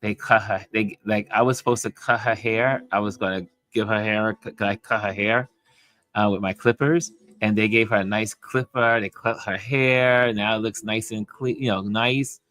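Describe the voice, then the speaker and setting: A middle-aged man hosting a casual livestream chat from home, talking in an easygoing, rambling way with soft laughs. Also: on the low side, fairly even intonation, normal speed. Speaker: livestream host reading chat.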